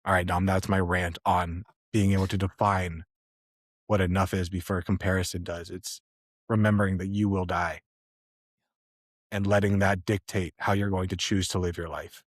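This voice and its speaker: A man co-hosting a podcast, talking in an earnest, measured and reflective way. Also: low voice, flat delivery, no echo, studio quality. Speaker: podcast co-host.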